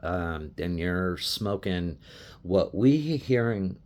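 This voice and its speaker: Speaking to camera, a middle-aged Colorado sports fan launches into an emotional rant in a low, darkish, expressive voice, taking his time. He is impassioned and repetitive, swearing, restarting his sentences, and getting choked up.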